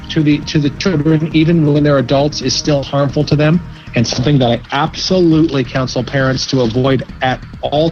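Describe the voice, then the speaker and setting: A man speaking as a psychologist guest in an interview, giving measured advice and often repeating words as he thinks. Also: on the high side, highs cut off. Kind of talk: interview answers.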